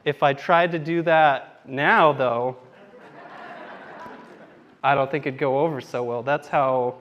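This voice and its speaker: A young man performing stand-up on a theater stage, speaking into a handheld mic. He rambles through self-deprecating stories and slips into acted-out quotes of himself and others, at an everyday pitch. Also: fairly even intonation, slow, highs cut off, a little hiss or hum. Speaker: stand-up comedian. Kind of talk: stand-up comedy set.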